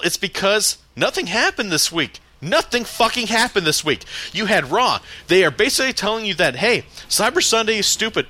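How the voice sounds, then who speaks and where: A man's voice: high-pitched, bright, forceful tone. A man hosting a wrestling podcast, ranting in a fired-up, profane monologue.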